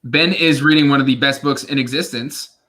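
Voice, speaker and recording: A man hosts a casual livestream with a bright, forceful tone. He chats loosely and pokes fun at himself, hesitating with plenty of fillers. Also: mid-range voice, steady tone, brisk. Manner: chatty, self-deprecating, hesitant with fillers. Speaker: livestream host. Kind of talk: casual chat.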